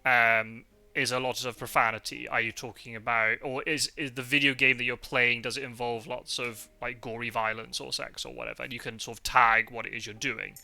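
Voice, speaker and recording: Scottish male podcast host, chatty and rambling, gravelly and sharp in tone. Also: medium pitch, flat delivery, brisk, hardly any pauses. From Scotland. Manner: chatty, rambling with many fillers and self-corrections. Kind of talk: casual chat.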